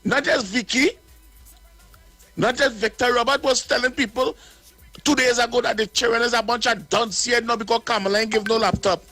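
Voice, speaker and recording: A man with a Trinidadian accent speaks in a very high, bright, ringing voice. He sounds blunt and indignant as he lays out his political complaints. The recording is dry and close, with faint music underneath. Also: steady tone, moderate pace, dry recording. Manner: blunt and indignant, repeats words. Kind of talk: political commentary.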